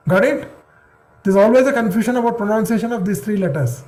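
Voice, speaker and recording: A man's voice: high-pitched, fast, a little mellow. A man teaching an online class. He repeats syllables patiently and checks that the students follow. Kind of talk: online class drilling pronunciation.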